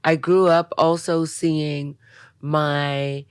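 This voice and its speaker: An older woman from Louisiana with a Southern accent, a guest recalling her life in a relaxed, storytelling way. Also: low voice, extremely slow, clear, resonant tone, no echo, studio quality. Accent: Southern American. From Louisiana, USA. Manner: storytelling, warm endearments like "baby". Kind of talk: reflective conversation.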